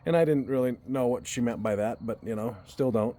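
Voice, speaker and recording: A man's voice: medium pitch, fairly quick, mellow. A man telling a personal story to his viewers in a casual, earnest way, often restarting and repeating words as he goes. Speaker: vlogger.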